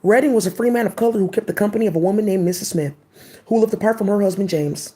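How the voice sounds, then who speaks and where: Woman reading old court stuff out loud then riffing slangy on it, soft mellow voice. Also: medium pitch, quick pace. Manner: reads a passage, then reacts in loose slangy asides. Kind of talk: reading aloud with casual commentary.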